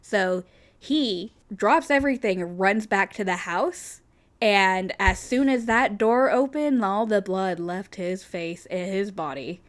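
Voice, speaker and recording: Young woman podcast co-host, casual storyteller, chatty and profane, mid pitch. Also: takes it slowly. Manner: chatty, lots of "like" and swearing for emphasis. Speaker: podcast co-host telling urban legends.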